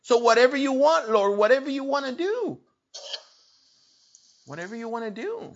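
A man preaching an informal sermon, repeating phrases for emphasis in an animated, conversational way. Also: extremely high pitch, moderate pace. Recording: muffled lo-fi recording.

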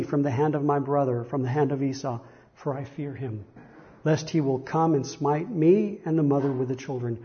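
A man's voice: medium pitch, normal speed, dull audio. A man preaching a sermon, reading Bible verses aloud with rising emphasis and frequent self-correcting repetitions.

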